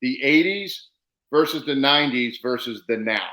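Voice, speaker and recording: A man, a professional wrestler, casually telling animated stories and acting out quoted dialogue. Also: medium pitch, moderate pace, roomy sound, low-quality recording. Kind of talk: casual storytelling.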